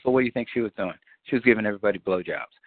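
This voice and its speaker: A man on a community call, telling a long story in a loose, profane way and acting out scenes with high-pitched quotes. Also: rapid-fire, no echo. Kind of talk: animated storytelling chat. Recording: dry, phone-like line.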